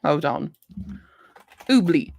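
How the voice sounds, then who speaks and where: A tired woman with a deep, gravelly voice speaks slowly as she chats on a live stream about books she might read. She's a book reviewer, chatty and animated, and she talks to her puppy in a soft baby voice. The recording is dry and the audio dull.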